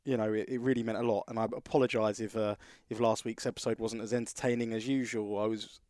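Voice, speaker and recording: A man's voice: on the low side, level tone, fast talker, a little mellow, no room sound, clean studio sound. Rambling man on a podcast. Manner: rambling storyteller, restarts sentences. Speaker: podcast co-host. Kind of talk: casual podcast chat.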